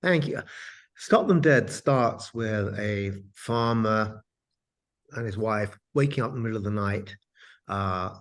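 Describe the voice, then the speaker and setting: A man, an author, telling animated stories in an interview. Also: on the low side, slow. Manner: animated storyteller. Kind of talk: interview, anecdotal storytelling.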